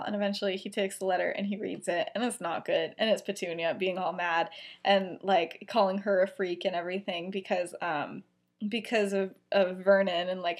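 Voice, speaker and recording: A young woman co-hosting a podcast, casually retelling a story in a rambling, giggly way full of fillers. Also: medium pitch. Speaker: podcast co-host.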